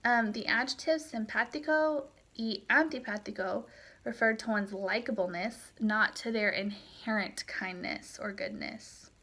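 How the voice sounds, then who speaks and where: Young female teacher, a touch high, steady walkthrough of course material, frequent filler ums. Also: a little slow. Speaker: Spanish teacher. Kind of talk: recorded lecture walkthrough.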